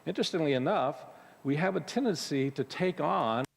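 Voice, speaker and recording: A man's voice: fairly high pitch, expressive, normal speed, gravelly, a little hiss or hum. A man giving a conversational spiritual talk to a congregation as their minister, often restarting his sentences and using fillers. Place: church sanctuary. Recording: long hall reverb.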